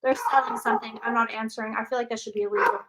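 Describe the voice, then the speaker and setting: A woman's voice: fairly high pitch, fairly even intonation, rapid-fire, very noisy. A woman hosting a casual psychic livestream from home, chatting loosely, repeating herself and answering viewer questions. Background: dog barking.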